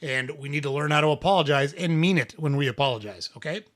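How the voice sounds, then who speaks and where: A man's voice: on the high side, fast, a bit bright. A middle-aged man hosting an advice talk, blunt and emphatic, who swears freely and repeats words for punch. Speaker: podcast host.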